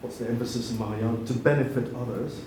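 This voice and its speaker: A man's voice: mid-range voice, fairly even intonation, fast talker. A man leading a classroom writing session, thinking aloud and correcting himself as he edits a text. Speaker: English writing tutor. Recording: echoey room with faint noise.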